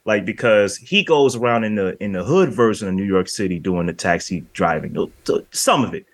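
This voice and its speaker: A man with a fairly low voice, talking casually about films as a podcast co-host. He rambles a little between points and sounds dry and close, with no room behind him. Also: expressive, brisk, no room sound. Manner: rambling, acts out movie lines in quoted voices. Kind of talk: casual film discussion.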